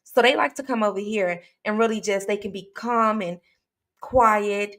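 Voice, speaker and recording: A woman's voice: medium pitch, normal speed, fairly bright tone. Chatty woman livestream host, AAVE. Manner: chatty, reads comments aloud, frequent fillers and restarts. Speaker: true crime livestream host. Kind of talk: casual livestream chat with viewers.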